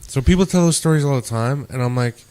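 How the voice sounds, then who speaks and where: Smooth and fast, this medium-pitched podcast host swears freely as he tells lively stories in casual chat, performing the voices of the people he quotes.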